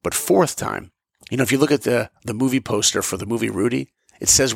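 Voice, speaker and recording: A man's voice: medium pitch, brisk, gravelly, slightly rough, dry recording, studio quality. A man giving a motivational talk, telling a personal story and acting out the dialogue. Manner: animated, acts out dialogue. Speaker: motivational podcast speaker.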